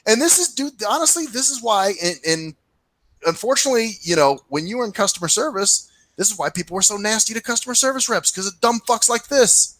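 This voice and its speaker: A man's voice: high-pitched, brisk, dry recording, rough recording. A man telling a long, profane rant in casual chat with a friend, putting on voices for the people in his story. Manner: ranting storyteller, animated, swears freely; mimics people in put-on voices. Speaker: podcast co-host.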